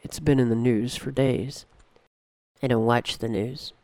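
A narrator voicing a calm, mysterious old woman who has travelled space, speaking in an unhurried, cryptic way. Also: mid-range voice, no room sound, voice pushed down, natural voice.

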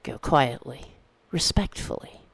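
A narrator voicing a calm, mysterious old woman who has travelled space, speaking in an unhurried, cryptic way. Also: medium pitch, breathy edge, dry recording.

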